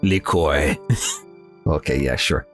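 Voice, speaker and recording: A man with a very deep voice rambles through a horror game, joking at his own expense and talking back at the characters on screen. Soft music plays underneath his commentary. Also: slow. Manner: rambling, self-mocking, talks to the game. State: slightly nasal after sneezing. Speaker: let's play host. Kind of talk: casual gameplay commentary.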